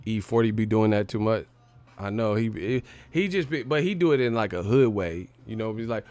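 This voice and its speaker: A man's voice: lowish voice, animated, moderate pace, a little mellow, no room sound. A man hosting a livestream, ranting in a comic, profane and mocking way. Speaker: livestream host. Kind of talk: comedic livestream rant.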